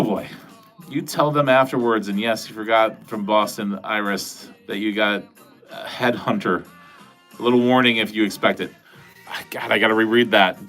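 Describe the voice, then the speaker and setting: A man's voice: medium pitch, a bit bright. A middle-aged man hosting a casual livestream, rambling, joking and swearing as he talks to his chat. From New England. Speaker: livestream host. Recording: faint music behind.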